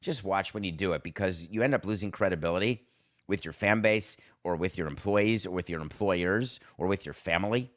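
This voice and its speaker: Sarcastic, worked-up man with a low voice. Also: fairly quick. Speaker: podcast host. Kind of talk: opinionated sports podcast monologue.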